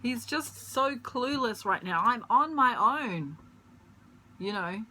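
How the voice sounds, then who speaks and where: A woman giving a casual tarot reading at home, chatty and rambling, pausing to search for words and laughing often. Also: a little high, expressive, sharp tone, low-quality recording. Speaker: tarot reader. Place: at home, pet bird nearby.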